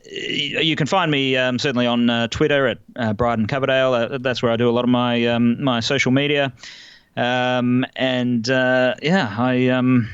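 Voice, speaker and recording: A man's voice: mid-range voice, little pitch movement, moderate pace, fairly bright tone, clear, resonant tone, no echo, dull audio. An Australian man hosting a casual podcast quiz, often laughing and hesitating with fillers as he talks. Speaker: guest quizmaster.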